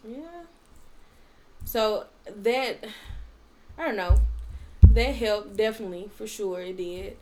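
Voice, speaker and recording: A woman's voice: mid-range voice, takes it slowly, long pauses, a little mellow, slight background noise. A woman co-hosting a casual podcast, talking frankly and with energy about relationships, sometimes talking over her partner. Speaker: podcast co-host. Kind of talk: casual chat.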